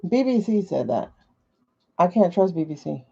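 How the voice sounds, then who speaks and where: Gravelly, skeptical woman livestreaming on her phone. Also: fairly low pitch, very animated, normal speed, mellow. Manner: chatty, skeptical, thinks aloud with many fillers. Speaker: livestream host. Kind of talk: casual livestream chat. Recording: dull lo-fi livestream audio.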